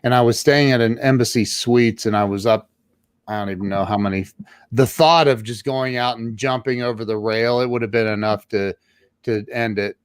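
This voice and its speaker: A man's voice: mid-range voice, moderate pace, clean tone, no echo, studio quality. A man as an interview guest, telling his own story casually and emphatically, often stumbling and restarting his words.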